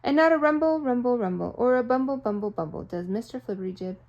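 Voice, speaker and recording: A woman reading a children's storybook aloud, expressive and playful with sound effects. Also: fairly high pitch, fast, muffled recording. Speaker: storybook reader.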